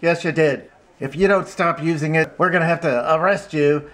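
A man's voice: on the high side, moderate pace, a bit bright, close to an everyday voice. A man doing a bossy Brooklyn cop. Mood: stern. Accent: New York. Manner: blunt, demanding. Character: brash male Brooklyn cop puppet, bossy.

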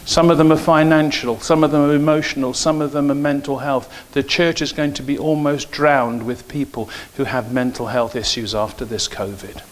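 A middle-aged male pastor preaching in church at an ordinary pitch for a man. He moves from easy anecdotes into firmer, emphatic points, pressing his key lines home. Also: fairly even intonation, normal speed, few pauses. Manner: storytelling, grows emphatic and preachy. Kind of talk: sermon with personal stories.

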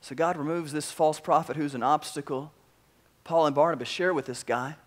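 A man pastor preaching a sermon, telling a story in a casual, animated way with everyday slang. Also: on the high side, normal speed.

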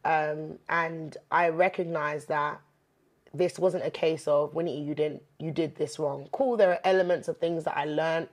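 A woman guest in a candid interview, speaking earnestly of faith and healing, turning lively and laughing when she jokes. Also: sits low, measured pace. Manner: earnest, animated when joking, many fillers. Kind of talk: candid faith-based chat.

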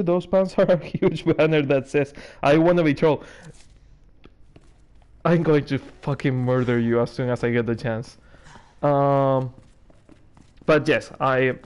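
A man's voice: a little high, darkish tone, clean tone. Jumpy sarcastic man playing a horror game. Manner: jumpy, sarcastic, swearing, nervous laughs. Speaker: gaming streamer. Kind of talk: let's play commentary.

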